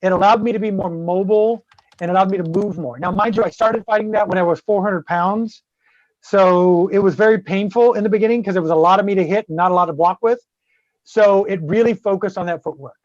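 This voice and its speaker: A brash Southern man who swears constantly as he tells his stories, his voice pitched fairly high for a man. The audio comes through a little dull and lo-fi, as if over a remote call mic, and it sounds dry and close with no room echo. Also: fairly quick. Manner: profane, boisterous storyteller. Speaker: guest on a web show. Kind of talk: casual live-stream chat.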